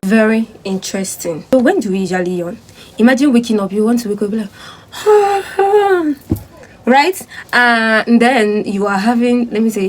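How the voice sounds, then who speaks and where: A young woman, hosting a casual educational vlog and explaining physiology in a chatty, animated way. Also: mid-range voice, poor audio. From Nigeria. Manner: chatty and animated, acting out sleepy voices and sighs. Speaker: student host of a physiology channel.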